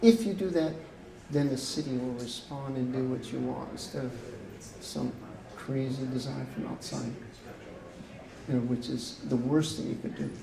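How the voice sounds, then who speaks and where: An older man, an urban planner, telling animated stories at a conference. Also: medium pitch, moderate pace, vocal fry, crowd noise. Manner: animated, chatty storyteller. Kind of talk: storytelling presentation. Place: conference room. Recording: echoey room with faint noise.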